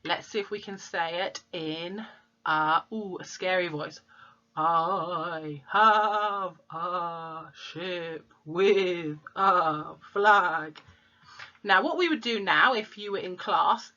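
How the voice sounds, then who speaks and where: A woman teacher, slowly sounding out letters and words in a phonics lesson for young children. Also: fairly low pitch, bright, forceful tone, dull audio. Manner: slow, clear sounding-out of letters. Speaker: primary school teacher.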